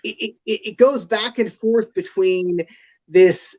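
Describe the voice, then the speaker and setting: A man's voice: high-pitched, a little slow, a little mellow. A man chatting casually as a podcast guest, telling stories loosely with hesitant fillers and some swearing. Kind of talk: casual chat. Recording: slightly dull, lo-fi sound.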